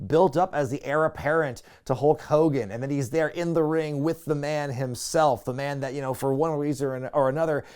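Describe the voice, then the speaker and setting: A man giving a casual, chatty review of an old wrestling show, excitable and prone to laughing at his own asides. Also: medium pitch, clean tone. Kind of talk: casual video review commentary.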